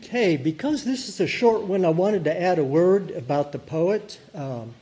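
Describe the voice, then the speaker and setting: Guy in his 70s at a service, warm mellow voice, laid back and rambly with lots of ums. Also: high-pitched, normal speed. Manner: relaxed and rambling, with many ums and uhs. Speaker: lay leader lighting the chalice. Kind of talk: casual spoken remarks at a service.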